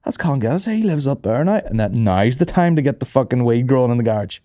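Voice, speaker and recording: A man's voice: mid-range voice, fast, no room sound, studio quality. Sweary man telling stories. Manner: profane, animated, acts out voices in anecdotes. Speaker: comedian podcast host. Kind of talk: casual storytelling chat.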